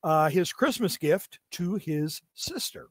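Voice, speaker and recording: A man's voice: a little high, expressive, takes it slowly, husky, no echo, clean studio sound. A middle-aged man co-hosting a fan podcast, rambling and ranting with many fillers. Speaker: podcast co-host. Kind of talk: casual fan podcast chat.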